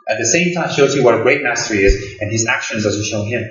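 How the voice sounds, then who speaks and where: A man's voice: medium pitch, fast talker, a bit bright, distant mic. Male lama in his 50s, anecdotal and emphatic teaching talk, echoey, slightly muffled room. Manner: anecdotal, emphatic, repeats phrases for stress. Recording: roomy, slightly dull recording.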